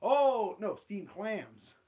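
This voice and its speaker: A man's voice: sits high, animated, very slow, mellow, full character voice. A man voicing a flustered, fussy male school principal from a cartoon, stammering out nervous excuses.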